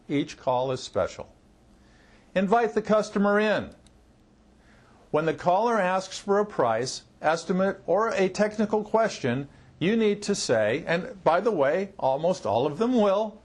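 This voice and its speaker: A middle-aged man, a marketing coach, giving a training talk and acting out sample phone greetings with shifting emphasis. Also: fairly high pitch.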